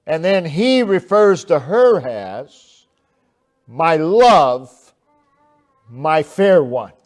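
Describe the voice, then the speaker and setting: A man preaching a sermon, slow and deliberate, with long pauses and swelling emphasis. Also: a little high, very animated. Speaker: pastor.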